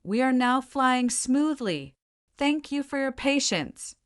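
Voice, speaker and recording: A calm male airline captain delivers measured intercom announcements, read by a woman narrating a graded reader story. The delivery is slow and formal, with a somewhat high voice. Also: clean tone. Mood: reassuring.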